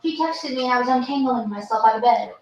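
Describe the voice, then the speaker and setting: A woman's fairly high voice carries in faintly from across the house, brief and matter-of-fact. It sounds far off, muffled and very echoey, with a light hiss behind it. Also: quick pace, a little mellow. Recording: distant, muffled, echoey room.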